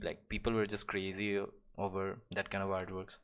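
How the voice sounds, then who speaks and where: A young man with a deep, monotone voice chats casually while drawing on a live stream, talking at normal speed with hardly any pauses and a smooth delivery. He rambles, restarts often, uses plenty of fillers, and chuckles a lot.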